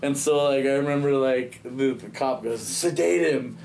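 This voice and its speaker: A man's voice: mid-range voice, fairly even intonation, moderate pace, darkish tone, slight background noise. A man casually telling a long, profane story, peppering it with "dude" and "you know what I mean".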